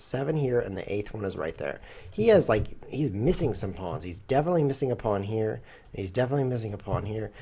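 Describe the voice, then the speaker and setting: A man's voice: fairly low pitch, a little mellow, husky. A man streaming a chess game, thinking aloud in a playful, rambling way. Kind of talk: live chess commentary.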